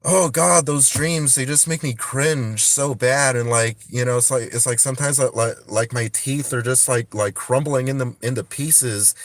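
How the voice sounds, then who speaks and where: A man's voice: medium pitch, fairly bright tone, no echo. A man chatting casually on a phone livestream, rambling with many restarts and frequent swearing.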